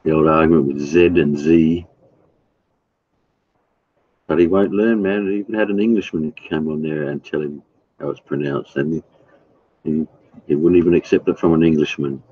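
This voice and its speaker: A man chatting casually with his live stream viewers, blunt and profane, halting with fillers. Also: extremely low pitch, fairly even intonation, breathy edge, lo-fi sound. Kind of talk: casual chat.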